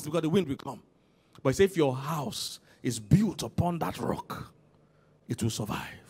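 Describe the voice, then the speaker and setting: A man preaching as senior pastor in a church, swinging from loud calls to quiet emphasis and asking the congregation to respond. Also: on the high side, lively intonation, moderate pace, slightly rough. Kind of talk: sermon.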